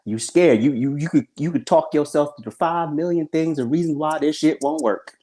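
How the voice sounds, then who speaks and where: A man's voice: a little high, normal speed, mellow. A man co-hosting a podcast, talking bluntly and with plenty of swearing in a casual motivational rant. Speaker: podcast co-host.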